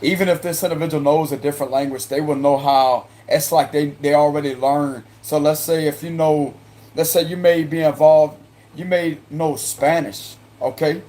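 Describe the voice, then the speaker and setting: A man's voice: a little high, fairly even intonation, normal speed, mellow. A man with a Cajun accent giving a casual, rambling tarot reading to viewers, repeating himself and chuckling in asides. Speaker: tarot reader.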